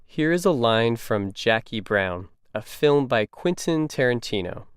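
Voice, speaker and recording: Male, scripted lesson reading, measured, smooth clear voice, dry sound. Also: mid-range voice, expressive, no room sound. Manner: measured, explanatory. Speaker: co-narrator of grammar lesson. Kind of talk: scripted educational narration.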